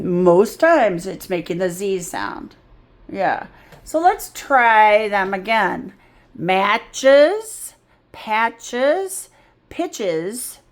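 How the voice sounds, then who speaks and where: Woman reading tutor, slow and patient, breaking words into sounds. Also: medium pitch. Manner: patient, drawn-out explaining. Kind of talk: phonics lesson.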